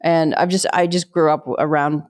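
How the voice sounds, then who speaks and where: A woman's voice: low voice, moderate pace. A woman from Pittsburgh with a mild Pittsburgh accent, a comedian guest telling stories in a rambling, self-deprecating way in a casual interview. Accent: mild Pittsburgh American. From Pittsburgh, USA. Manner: rambling, self-deprecating, laughs often, animated when acting out voices. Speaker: guest, comedian and military spouse.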